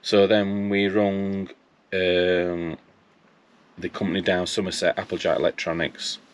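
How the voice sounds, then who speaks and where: Bloke, deep voice, rambling story about phone calls. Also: male voice, unhurried. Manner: animated retelling of phone calls with quoted dialogue. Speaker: vlogger. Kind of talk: casual storytelling.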